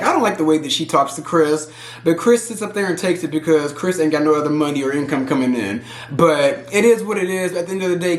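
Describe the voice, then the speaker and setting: A man from Houston giving animated, opinionated reality TV commentary, talking straight to the viewer in a casual vlog. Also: a little high, reverberant. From Houston, Texas. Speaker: pop culture vlogger.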